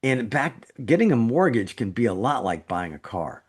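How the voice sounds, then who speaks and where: A man's voice: medium pitch, big pitch swings, normal speed, husky. A middle-aged man, a surgeon co-hosting a podcast, telling a story in casual chat, his voice jumping up when he gets indignant. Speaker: trauma surgeon, podcast co-host.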